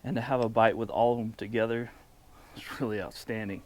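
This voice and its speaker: A man hosting a casual outdoor barbecue cooking vlog, enthusiastic and relaxed, with plenty of fillers. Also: fairly low pitch, brisk, slight background noise. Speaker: barbecue cooking channel host. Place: outdoors at a smoker.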